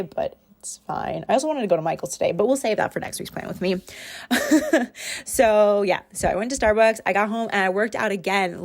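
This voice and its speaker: A young woman in a rambling, chatty voiceover, recorded at home on her own mic. She talks through her week in a casual, self-deprecating way, with a voice of middling pitch. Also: a little mellow. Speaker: planner vlogger.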